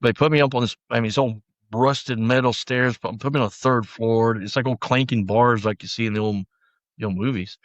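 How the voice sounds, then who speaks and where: A man's voice: mid-range voice, fairly even intonation, brisk, no echo. Guy talking bluntly in a podcast interview, rambling, dull dry sound. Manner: blunt, rambling storyteller with frequent fillers. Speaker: podcast guest, former sheriff's deputy. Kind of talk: casual storytelling interview.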